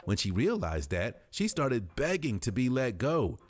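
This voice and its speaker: A man giving scripted narration over police bodycam footage, in a flat storytelling tone. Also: mid-range voice, measured pace. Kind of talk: scripted true-crime narration.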